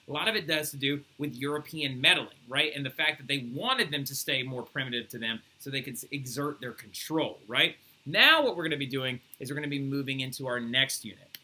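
A young man teaching a recorded history lecture, animated and easily worked up, who keeps checking in with his students by asking "right?". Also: a little high. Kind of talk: recorded flipped-classroom lecture.

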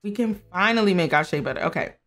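A woman's voice: fairly low pitch, expressive, quick pace, a bit bright, faint music behind. A young woman chatting through a life sim game, talking to her characters and laughing often. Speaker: gameplay streamer. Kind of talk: casual gameplay commentary.

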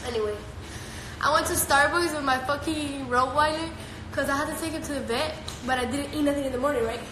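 A woman's voice: sits high, brisk. A teenage woman chatting casually on a live stream, answering viewer comments in a brash, profane, playful way. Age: teens. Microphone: phone. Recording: roomy, noisy phone live stream.

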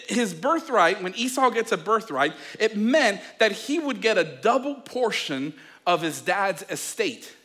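A male pastor who preaches a sermon, tells the story in a lively way, and talks straight to his listeners. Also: high-pitched. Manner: animated storytelling, acting out scenes; addresses listeners directly.

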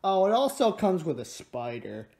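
A man's voice: high voice, huge pitch swings, moderate pace, gravelly, a little mellow. A teenage boy reviewing a building toy set in a jokey, rambling way, recorded on a phone at home. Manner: rambling, jokey, drops into mumbles. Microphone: phone camera.

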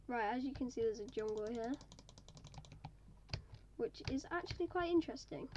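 A woman's voice: fairly high pitch, animated, normal speed, darkish tone, highs cut off, slight background noise. A woman giving casual, chatty commentary to viewers while playing a game. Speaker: gaming video maker.

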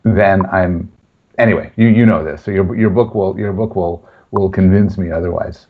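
Man, guest, very low voice, blunt, playful, muffled audio, faint hiss. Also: moderate pace. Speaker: podcast guest. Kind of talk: casual chat. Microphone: video call.

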